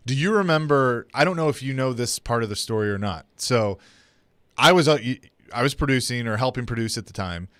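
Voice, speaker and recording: A man's voice: mid-range voice, fairly quick, dry recording. A man co-hosting a radio show, telling a wrestling story in casual chat and acting out the quotes. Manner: animated storyteller, acts out quotes. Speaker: radio co-host and producer. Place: radio studio.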